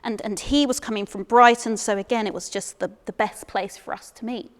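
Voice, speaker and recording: A woman's voice: medium pitch, fairly even intonation, fairly quick, big-room sound. A young woman from England tells a comic personal story on a theatre stage. She is chatty and self-deprecating, and often stumbles over repeated words. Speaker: solo performer.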